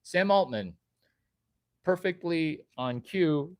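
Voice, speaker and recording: Speaking straight to camera, a man addresses his viewers in an animated but slow ramble, quizzing them and erratically switching subjects. His voice is mid-range, and the studio-quality recording is dry.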